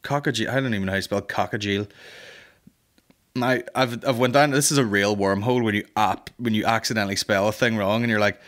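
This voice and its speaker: A young man hosting a podcast, telling a sweary, rambling comic story and slipping into quick comic voices. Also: fairly low pitch, steady tone, fairly bright tone. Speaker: podcast host. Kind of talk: casual comedic storytelling.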